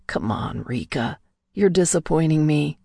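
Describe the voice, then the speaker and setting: A woman's voice: very deep voice, animated, normal speed, gravelly, a little mellow, no echo, clean studio sound, heavily acted. Woman voicing a sneering, cocky young man. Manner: mocking, blunt, swears casually. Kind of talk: audiobook dialogue reading.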